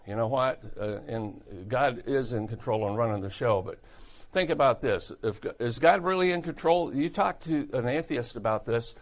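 Man preaching, plain talky style, gravelly fry in his voice, middle pitch. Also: lively intonation, normal speed. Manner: folksy, blunt, conversational preaching. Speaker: pastor. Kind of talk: sermon.

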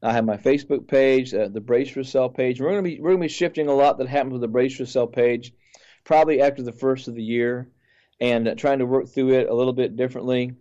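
A man's voice: medium pitch, steady tone, quick pace, warm tone, dull audio. A man who is a pastor and a guest on the show, speaking earnestly and often repeating words as he talks. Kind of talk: sermon-like testimony.

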